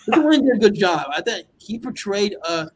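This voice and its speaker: A man's voice: high-pitched, animated, brisk, breathy edge. A man co-hosting a casual movie chat, eager and rambling, laughing often. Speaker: podcast co-host.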